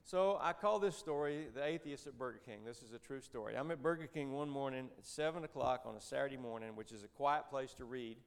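In his fifties, this Christian businessman speaks in a smooth, medium-pitched voice, fairly quickly and with hardly any pauses. He tells a story in a church talk, conversational and folksy, adding joking asides.

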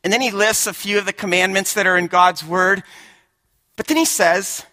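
A man preaching a sermon with emphasis, often repeating words and swinging from hushed lines to shouted ones. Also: high voice, moderate pace. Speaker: pastor.

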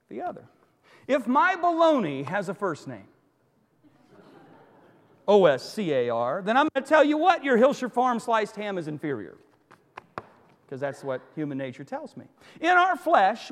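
Man, pastor, sermon, animated storyteller, joking asides, lively pitch, reverberant church hall.

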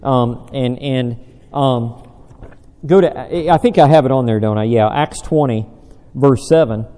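This Bible-study preacher has a medium-pitched, dark-toned voice and speaks a little slowly, recorded with the long reverb of a large hall. He keeps the sermon conversational and chatty, asking the audience questions and making dry jokes about himself.

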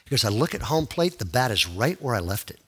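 A male pastor telling a story in a sermon, animated, dropping to a hush and rising to loud excitement. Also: medium pitch, fast talker, husky.

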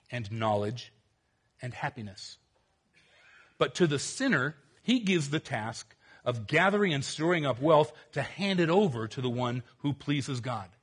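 A man preaching a sermon, earnest and emphatic, swinging between loud outbursts and quiet, low stretches. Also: slightly rough. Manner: earnest, emphatic, rising to exclamations and dropping to quiet.

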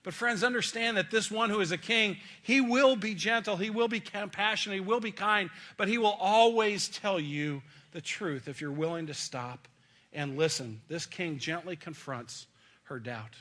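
A man's voice: sits high, normal speed, bright, forceful tone. A middle-aged male pastor preaching a sermon in a folksy, joking, conversational way.

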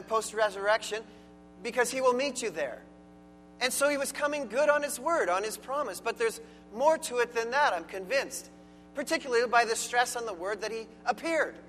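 A man's voice: extremely high pitch, bright, forceful tone. A man preaching a sermon as pastor, earnest and emphatic, stressing key words. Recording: long hall reverb with faint music.

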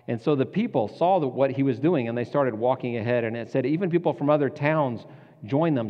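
A man's voice: medium pitch, a little mellow. A man giving a reflective, conversational sermon as a pastor. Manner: reflective, conversational, with self-corrections. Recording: dull sound with long hall reverb.

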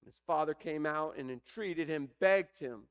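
A man's voice: a little high, measured pace, clean tone. A man preaching a sermon, explaining a scripture passage with rising emphasis. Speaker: pastor.

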